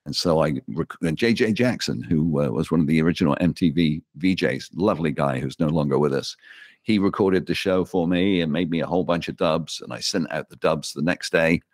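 Deep-voiced English radio DJ. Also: male voice, fairly quick, dry recording, studio quality. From England. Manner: animated anecdotal storyteller. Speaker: radio DJ guest. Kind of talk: casual storytelling interview.

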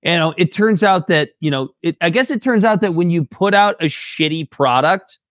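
A man co-hosts a casual political podcast, speaking bluntly, heatedly, and with plenty of profanity. His voice is on the high side, expressive and fairly bright, at a moderate pace, recorded with studio quality and no echo.

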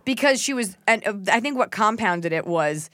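A woman's voice: medium pitch, lively intonation, normal speed, fairly bright tone, no room sound. A woman co-hosting a casual chat, frank and opinionated with a dry teasing edge. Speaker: podcast co-host.

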